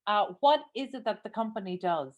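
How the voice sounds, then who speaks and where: A woman's voice: mid-range voice, expressive, fairly quick. An Irish woman hosting a radio interview, upbeat and welcoming, sometimes stumbling over her words. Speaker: radio show host.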